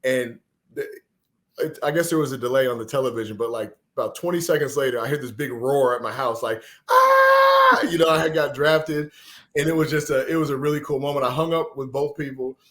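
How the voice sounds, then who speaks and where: A man's voice: mid-range voice, quick pace. Earnest storytelling man from Texas. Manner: animated, earnest, emotional storyteller. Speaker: podcast guest, former pro football player. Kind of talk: conversational storytelling.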